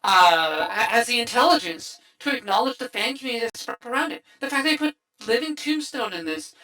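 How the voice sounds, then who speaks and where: A woman hosting a casual livestream movie chat, excitable and rambling with many restarts. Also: on the high side, a little fast, low-quality recording. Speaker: streamer host.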